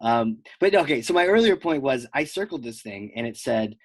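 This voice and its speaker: A man's voice: medium pitch, lively intonation, normal speed, slightly rough, no echo. A man hosting a marketing podcast, chatting casually and joking around with his guest. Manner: jokey, playful, breaks into mock voices. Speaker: podcast host. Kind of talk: casual interview chat.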